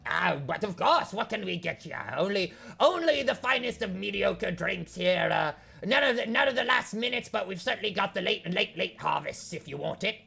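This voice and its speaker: Man playing a gravelly, bright-voiced orc innkeeper, hearty and a bit pompous, lively swooping delivery. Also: high-pitched, moderate pace, hardly any pauses, heavily acted. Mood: welcoming. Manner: hearty, welcoming, a little pompous. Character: friendly orc innkeeper, male, jovial. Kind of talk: tabletop role-play.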